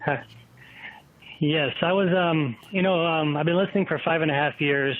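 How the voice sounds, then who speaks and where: A man's voice: on the high side, moderate pace. Insistent male caller on a tinny phone. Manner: emphatic, insistent. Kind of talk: radio call-in argument.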